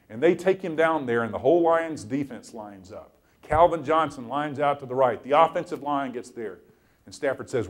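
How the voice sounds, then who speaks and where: A middle-aged man giving a motivational talk, telling a story with lively, animated delivery and acted-out quotes. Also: mid-range voice, moderate pace. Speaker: inspirational speaker.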